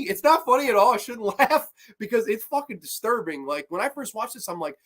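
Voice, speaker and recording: A man with a slightly higher-pitched voice hosts a casual live-streamed horror review. He talks excitedly, swears freely and fills his sentences with "um" and "you know". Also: brisk, few pauses. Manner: excitable, profane, full of fillers. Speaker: horror movie reviewer and show host.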